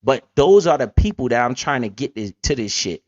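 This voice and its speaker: Animated man on a lo-fi stream. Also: mid-range voice, brisk. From Connecticut. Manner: loud, animated, swearing street slang. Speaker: livestream host. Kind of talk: casual livestream chat. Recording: lo-fi stream audio.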